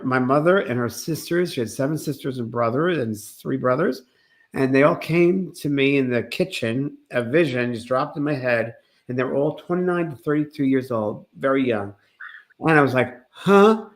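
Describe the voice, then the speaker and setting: Male co-host, medium pitch, earnest and rambling, under the weather. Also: normal speed. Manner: earnest, rambling with many restarts. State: sick. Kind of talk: casual spiritual talk show chat.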